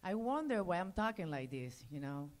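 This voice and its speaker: A woman with a Spanish accent doing a halting stand-up set, searching for words and giggling. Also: lowish voice, big pitch swings. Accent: Spanish-accented English.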